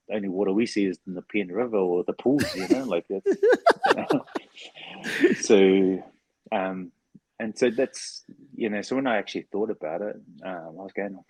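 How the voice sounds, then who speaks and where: In a podcast studio, a New Zealand man in his forties who once played rugby league chats casually as an interview guest. His voice sits low and sounds a little mellow and slightly rough, with no echo. He's relaxed and rambling, leaning on lots of fillers.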